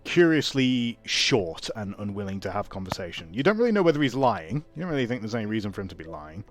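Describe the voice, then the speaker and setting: A man's voice: on the low side, very animated, fast talker, soft background music. Laid-back man running a tabletop game. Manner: casual, laughing, swearing freely. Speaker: game master.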